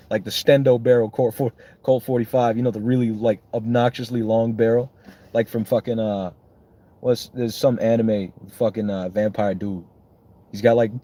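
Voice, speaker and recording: A young man with a lowish voice rambles casually. He swears a lot and jokes at his own expense. He comes across as a songwriter talking loosely between takes. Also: warm tone, a little hiss or hum. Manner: profane, self-mocking, rambling.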